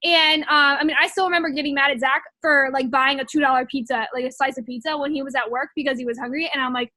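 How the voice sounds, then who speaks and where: A young woman with a high, bright voice tells her personal story. She rambles casually, full of filler words, recorded close and dry with no room sound. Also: fairly even intonation, fast talker, no room sound. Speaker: network marketing distributor.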